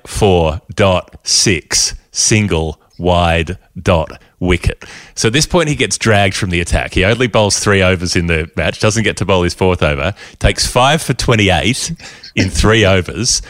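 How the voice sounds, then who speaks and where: A man hosting a podcast, telling a story in a casual, animated way and often laughing through it. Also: low voice, no echo, clean studio sound. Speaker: podcast host.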